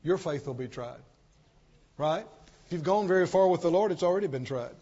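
Man, pastor, high voice, call-and-response sermon delivery, slightly muffled lo-fi recording. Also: lively intonation, a little fast, breathy edge. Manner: swings from shouted declarations to soft pleading; repetitive, call-and-response preaching.

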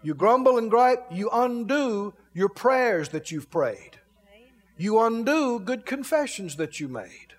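A man preaching a sermon in an animated way, acting out grumbling people for his congregation. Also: extremely high pitch, slow, in a large hall.

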